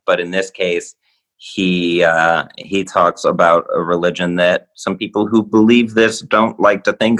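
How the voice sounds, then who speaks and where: Deep-voiced podcast host. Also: male voice, rough recording. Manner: relaxed, filler-heavy, chuckling. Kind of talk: casual chat.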